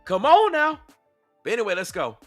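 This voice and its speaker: A man hosting a casual commentary stream, reacting to video clips and talking to his chat in a repetitive, animated way. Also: sits high, moderate pace, faint music behind. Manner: animated, repetitive, asks the audience.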